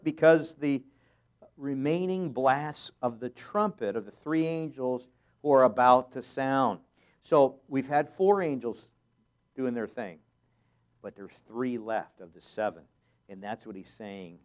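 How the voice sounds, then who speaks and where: Man, pastor, sermon, middle pitch, reads scripture with force, casual asides, frequent fillers. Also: unhurried. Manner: reads scripture aloud with rising force, jokes lightly, many fillers.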